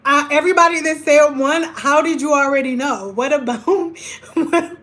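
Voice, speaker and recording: A woman from Detroit, hosting a hair care livestream and chatting casually with viewers, animated and swinging from loud squeals to soft asides. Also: high-pitched, moderate pace.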